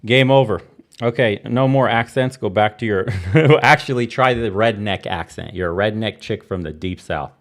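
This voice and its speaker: A man's voice: fairly low pitch, moderate pace. A man streaming live, casually giving short requests to an AI companion and laughing often. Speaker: livestreamer.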